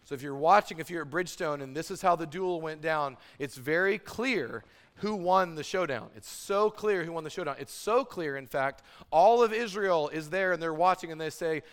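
A male pastor retells a scripture story with lively energy, rising loud for the big moments and dropping quiet for the asides. His voice sits a touch high, and it rings out with a long hall reverb behind it. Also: moderate pace. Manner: animated storytelling with dramatic swings in loudness; sarcastic asides and humor. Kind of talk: sermon.

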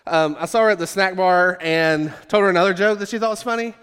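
A man's voice: high voice, fast talker, a bit bright, clean tone. A man preaching a sermon, telling a humorous, self-deprecating story to his congregation. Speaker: pastor. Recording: echoey hall reverb.

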